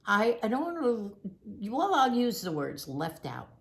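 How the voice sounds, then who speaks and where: A woman's voice: fairly high pitch, big pitch swings, a little slow, gravelly. Chatty woman in her eighties. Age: 80s. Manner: chatty, rambling storyteller. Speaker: vlog host, mother. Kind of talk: casual family chat.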